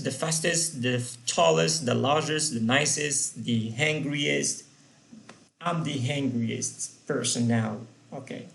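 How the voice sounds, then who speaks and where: A man's voice: medium pitch, gravelly. Man teaching grammar, spelling out endings. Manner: asks questions of the learners and answers them himself; spells out word endings letter by letter. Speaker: English teacher. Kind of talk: grammar lesson.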